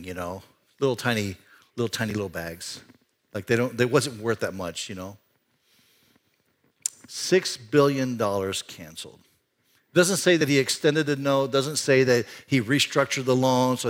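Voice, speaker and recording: A man pastor giving a conversational sermon in a church, swinging between excited rises and quiet, hushed stretches. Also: mid-range voice. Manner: animated, conversational preaching with sudden rises and hushed drops. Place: church sanctuary.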